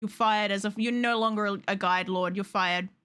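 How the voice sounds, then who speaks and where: A woman's voice: medium pitch, fairly even intonation, moderate pace, a bit bright, clear, resonant tone. A woman casually commenting on her gameplay, swearing often with playful exasperation. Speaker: game streamer.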